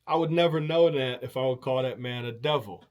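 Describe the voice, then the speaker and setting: His voice is medium in pitch with a darkish tone and a brisk pace as this show host spins a casual, wandering story thick with fillers, restarts and easygoing swearing.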